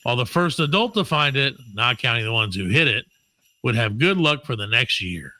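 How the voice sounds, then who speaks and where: A man co-hosting a comedy podcast, reading holiday trivia aloud with loud bursts, quick mutters and lots of swearing. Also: medium pitch, no echo, low-quality recording. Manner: animated, swings between loud bursts and mutters, profane. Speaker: podcast co-host.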